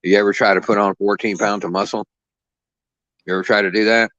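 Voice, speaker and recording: Male guest, low voice, muffled lo-fi line, halting and insistent. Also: little pitch movement, fairly bright tone, no echo. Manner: halting, repeats his question insistently. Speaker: guest caller. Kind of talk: casual debate. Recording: dull lo-fi call audio.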